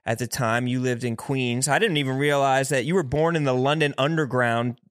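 A man's voice: mid-range voice, fairly even intonation, brisk, no echo, clean studio sound. Easygoing male podcast host. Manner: easygoing, recaps the guest's stories. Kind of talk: casual interview chat.

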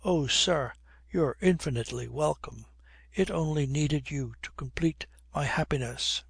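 A man's voice: on the high side, a little slow, gravelly, breathy edge, no room sound, clean studio sound, full character voice. A man voicing an impudent, brash young man who mocks everyone with old-fashioned oaths, in a storybook reading. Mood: mocking. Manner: impudent, flippant, period oaths.

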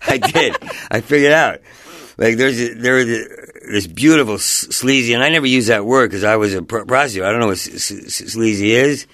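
Middle-aged New comic, gravelly and dry, stammers through rambling stories. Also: male voice, mid-range voice, brisk, fairly bright tone, no echo. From New Jersey. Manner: heavy stutter, rambling and self-interrupting. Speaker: guest comedian. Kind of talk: casual interview chat.

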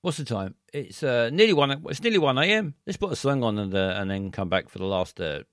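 A man's voice: medium pitch, lively intonation, a little fast, a bit bright, dry recording, studio quality. A middle-aged man, hosting a late-night show and rambling through listener messages, hesitant and self-deprecating with many stammers. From England.

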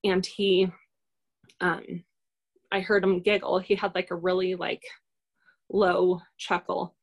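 A woman guest talks through a personal experience in a loose, unscripted way. Her voice has a gravelly, creaky texture, and she keeps pausing on fillers and restarting her sentences. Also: lowish voice, flat delivery. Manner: rambling, hesitant, many fillers. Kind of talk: casual personal storytelling in an interview.

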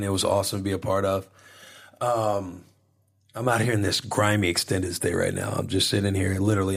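A young man hosting a podcast, rambling and cursing casually from a hotel room. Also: on the low side. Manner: rambling, profane, energetic. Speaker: podcast host.

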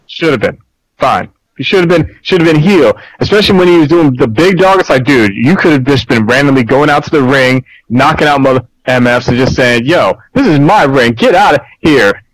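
A man's voice: medium pitch, a little fast, rough recording. A man in casual podcast chat, opinionated, often restarting words as he makes his point.

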